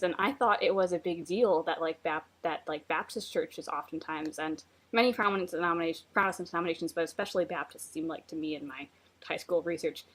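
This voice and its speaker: Low-voiced opinionated woman on a podcast. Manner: opinionated, quick asides. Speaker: podcast co-host. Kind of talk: casual chat.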